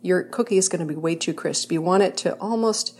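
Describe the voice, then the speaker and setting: A woman's voice: fairly low pitch, brisk, a little mellow, breathy edge. Chatty woman hosting a home baking show. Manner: chatty and rambling, with fillers and self-corrections. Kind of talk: casual baking demonstration. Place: home kitchen.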